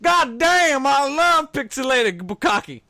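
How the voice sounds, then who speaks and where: A man putting on a drunk, rowdy Southern man with a loud whooping yell and a Southern accent. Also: extremely high pitch, big pitch swings, slow, pitched above the performer's own voice, heavily acted. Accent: American Southern, put on.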